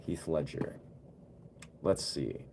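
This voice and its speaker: A man's voice: very deep voice, animated, slow pace, vocal fry, a little mellow, slight background noise. A man chatting casually on a live stream as a musician, laid-back and rambling with slangy asides. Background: keyboard music he plays.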